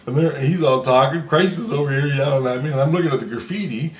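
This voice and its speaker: A man's voice: medium pitch, fast talker. A man casually telling a dream story in a rambling, profane way. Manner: profane, rambling, acts out quotes. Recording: echoey room with faint background noise.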